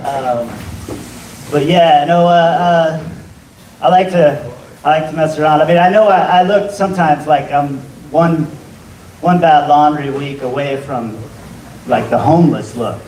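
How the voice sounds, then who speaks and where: A man doing an open mic stand-up set in a rambling, halting way with deadpan asides. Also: on the high side, a little hiss or hum. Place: bar comedy room. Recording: echoey room, distant mic.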